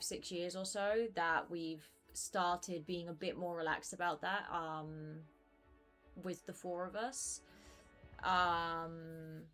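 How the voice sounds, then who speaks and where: Woman in her twenties, game streamer, chatty and rambling, a slightly low voice. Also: fairly bright tone. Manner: chatty, rambling, many fillers. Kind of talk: casual gaming stream chat.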